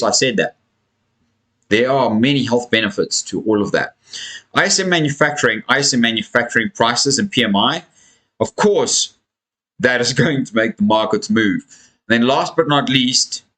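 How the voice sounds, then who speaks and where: A man's voice: medium pitch, pushed and bright, low-quality recording. A man hosting a casual live crypto stream, tired and yawning, chatting to viewers as friends and drawing out words for emphasis. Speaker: crypto livestream host. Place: home room with a fan running.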